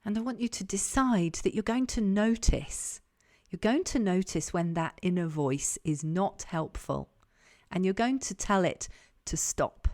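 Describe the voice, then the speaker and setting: A leadership coach guides an online group session on a call, and she stays calm and encouraging while returning to her key questions. She speaks in a mid-range voice at a measured pace.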